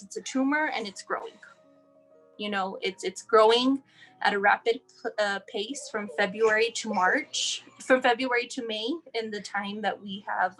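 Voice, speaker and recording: A woman's voice: mid-range voice, a bit bright, low-quality recording. A young woman from El Paso, Texas, telling her child's story in an interview, acting out the dialogue with many restarts. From El Paso, Texas, USA. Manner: emotional, acts out quoted dialogue, frequent restarts.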